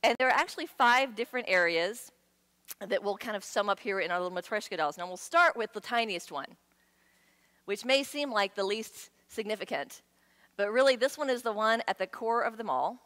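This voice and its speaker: A woman giving a sermon in a conversational, playful way, with lively asides to the congregation. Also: mid-range voice, normal speed. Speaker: guest speaker. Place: church sanctuary. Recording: long hall reverb.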